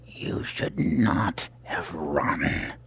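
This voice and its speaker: A man's voice: sits low, animated, creaky, a bit bright, breathy edge, heavily acted. A man doing a cold, menacing giant of an attacker. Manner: slow, deliberate, menacing. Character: huge menacing male attacker, cold and taunting.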